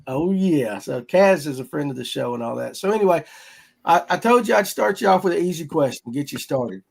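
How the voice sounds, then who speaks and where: A man's voice: on the high side, lively intonation, a little fast, gravelly. Folksy man hosting a podcast. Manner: folksy, rambling, upbeat. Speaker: podcast host. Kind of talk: casual fishing podcast chat.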